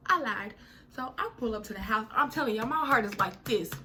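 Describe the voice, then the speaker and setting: A young woman telling a personal story in a casual, animated way, full of slang and dramatic retellings. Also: a little high, fairly quick.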